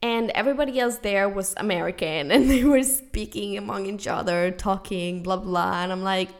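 A woman in her twenties from Spain, a native Spanish and Catalan speaker with a Spanish accent, hosting a podcast and telling a personal story in a casual, animated way with frequent laughter. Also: medium pitch, normal speed, hardly any pauses. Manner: animated, laughing often between phrases. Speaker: podcast host.

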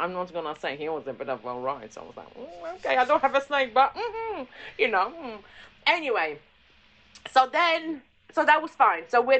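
A middle-aged woman appears as a podcast guest, her medium-pitched, slightly bright voice coming through with a lo-fi sound. She chats casually and tells stories, giggling and laughing a lot.

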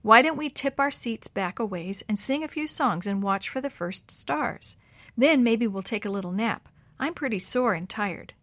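A woman voicing a gentle, faithful elderly grandfather in a storybook read-aloud, talking in a steady, reassuring way. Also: on the high side, normal speed, no echo.

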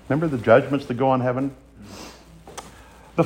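A man's voice: mid-range voice, normal speed. A male preacher delivering a sermon in an emphatic way, building up to strong exclamations. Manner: animated, emphatic, rises to exclamations.

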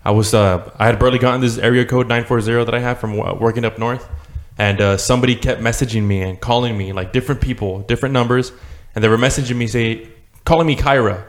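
A man's voice: mid-range voice, fairly even intonation. A man in casual chat who talks in slang, saying "dude" and "bro" a lot. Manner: fast talker, says "dude" and "bro".

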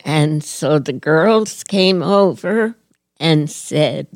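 An older woman from Hawaii recalls her childhood in an unhurried, earnest way, each phrase given plenty of room. Her low voice carries a gravelly texture. The recording is dry and close. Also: lively intonation, no room sound. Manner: slow, earnest, gently reflective telling. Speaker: storyteller. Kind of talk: personal reminiscence.

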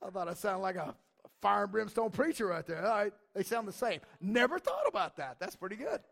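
A man's voice: sits high, sing-song, a little fast, gravelly, a bit bright. A male pastor giving a casual, slangy sermon, talking with lots of fillers and playful jokes to his congregation.

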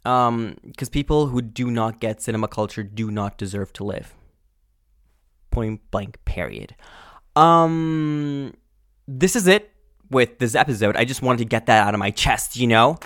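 Slow, ranting podcast man, dry close mic. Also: mid-range voice, animated, no room sound. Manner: angry, exasperated, profane; lots of filler words and restarts, sudden loud outbursts. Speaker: podcast host. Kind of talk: casual ranting monologue.

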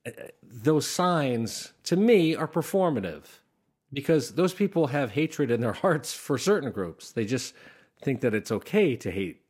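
Man coaching comedy writing, animated bursts. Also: medium pitch, unhurried, slightly rough. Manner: conversational, animated bursts when demonstrating delivery. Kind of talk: instructional talk to camera.

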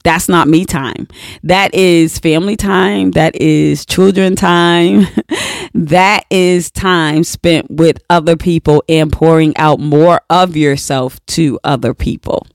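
Earnest self-care vlogger, unhurried, dry close sound, repeats points for emphasis. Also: medium pitch, vocal fry, no room sound. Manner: mocks quoted excuses with a flat "what?". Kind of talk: motivational talk to camera.

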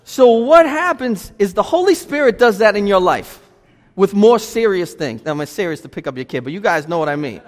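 A man preaching a lively, conversational sermon as pastor, firing rhetorical questions at the congregation in a church. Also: high-pitched, fairly quick. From United States. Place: church sanctuary. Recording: church hall with long reverb.

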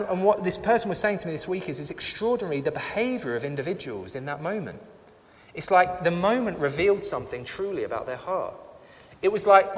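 A man preaching a sermon, reading scripture aloud and repeating key lines for emphasis. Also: high-pitched. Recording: long church reverb.

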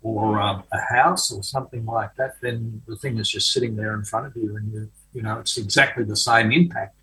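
An older man with a bright, forward tone talks as an interview guest, spinning a long personal story. He pauses often, filling gaps with ums and restarting sentences as he goes. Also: fairly low pitch, fairly even intonation, low-quality recording. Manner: hesitant, many fillers and restarts. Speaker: author guest. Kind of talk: conversational storytelling.

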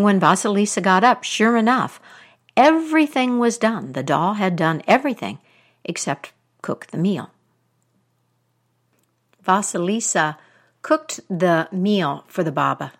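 A woman telling a folktale aloud in a deliberate, expressive way. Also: lowish voice. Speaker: storyteller.

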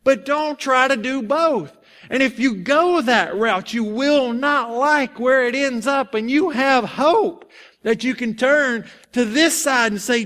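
A male preacher giving a sermon, telling a personal story and then reading and explaining scripture in an animated, conversational way. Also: extremely high pitch, slow.

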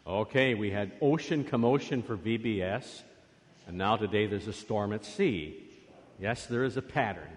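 A priest giving a children's sermon in a church, coaxing the children along with lively questions. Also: male voice, lowish voice, moderate pace. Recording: long reverb of a church.

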